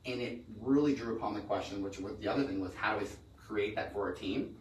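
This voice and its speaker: A middle-aged man in real estate, telling rambling stories in a casual podcast conversation, often restarting his sentences. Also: fairly low pitch. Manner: fast, rambling storyteller with frequent restarts. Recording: echoey room, mic at a distance.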